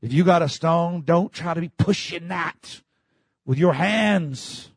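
A man preaching a sermon in a church, fervently, breaking into shouts and calling for the congregation to answer him. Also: on the high side, slow pace, breathy edge, no echo. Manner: fervent preaching, bursts into shouts, call-and-response. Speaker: pastor.

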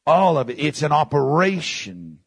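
A man preaching a sermon with a gravelly, husky voice pitched a little high. He repeats phrases for emphasis and swings from shouted peaks down to low, quiet passages. The sound is dry and close. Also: very animated, normal speed, dry recording.

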